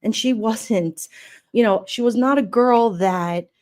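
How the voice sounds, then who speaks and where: A woman hosting a livestream, talking warmly and emotionally in a rambling way and reading chat comments aloud. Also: on the high side, slow pace. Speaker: livestream host. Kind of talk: casual livestream memorial talk.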